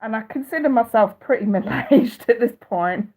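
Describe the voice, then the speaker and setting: A woman's voice: a little high, lively intonation, normal speed, a little mellow. A British woman in her thirties, a psychic reader chatting casually on a live stream, blunt and profane and often laughing. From United Kingdom. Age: 30s. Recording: tinny phone-like audio.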